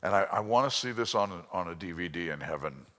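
A man's voice: low-pitched, expressive, fast, bright, forceful tone. A man teaching a sermon from an outline, telling stories and acting out the people he quotes. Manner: storytelling, voices quotes, drops to a whisper. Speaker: Bible teacher. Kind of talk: lively sermon with anecdotes. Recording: long hall reverb.

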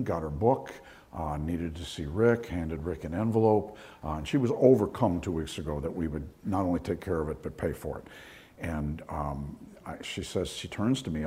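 A man preaching a sermon in a low, mellow voice, moving easily between everyday anecdotes and points made with rising fervor. His delivery stays conversational and story-driven, with plenty of restarts as he talks. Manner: conversational storytelling, voice climbing higher and louder when preaching. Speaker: pastor. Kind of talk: sermon with personal stories.

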